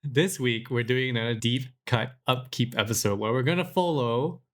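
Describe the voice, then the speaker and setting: A man's voice: medium pitch, moderate pace. A man co-hosting a film podcast in casual chat, giggly and self-deprecating. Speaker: podcast co-host.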